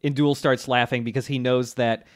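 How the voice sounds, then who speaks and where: Relaxed man recapping on a podcast, dry sound. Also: mid-range voice, moderate pace, dry recording. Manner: relaxed storytelling with fillers, laughs along. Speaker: podcast co-host. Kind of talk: casual chat recapping an anime.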